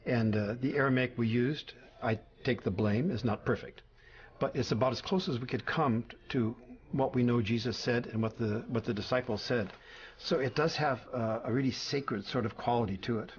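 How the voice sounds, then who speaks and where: A man interviewed as a language consultant for a film, speaking in a measured, explanatory way. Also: medium pitch, lo-fi sound, slight background noise. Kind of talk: documentary interview.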